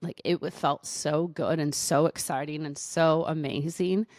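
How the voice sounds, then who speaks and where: A woman's voice: low-pitched, fairly even intonation, a little slow, a little mellow, no room sound, clean studio sound. A woman doctor hosting her own podcast, telling a personal story in a casual, chatty way with frequent "like" fillers.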